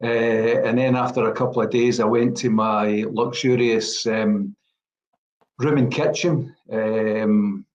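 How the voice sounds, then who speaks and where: In a laid-back storytelling interview, a former footballer from Glasgow, now in his sixties, meanders through anecdotes with many fillers in a Glaswegian Scottish accent. He speaks slowly in a fairly low, steady, darkish voice. The sound is roomy and muffled.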